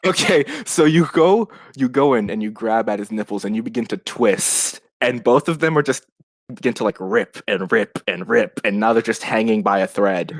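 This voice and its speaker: A man's voice: on the low side, moderate pace, no room sound. A man acting as game master, narrating outcomes and calling for rolls in a dry, joking way.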